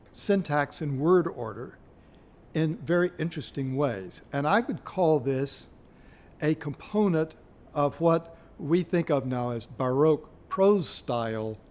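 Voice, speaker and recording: A man giving a university lecture on poetry, speaking in a measured way with pauses, sometimes searching for his place. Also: fairly high pitch. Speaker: literature lecturer.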